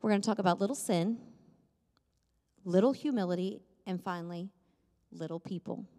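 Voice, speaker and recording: A woman's voice: mid-range voice, moderate pace, mellow. A woman preaching a sermon in a church, conversational and self-deprecating with light humor. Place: church sanctuary. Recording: long reverb of a church hall.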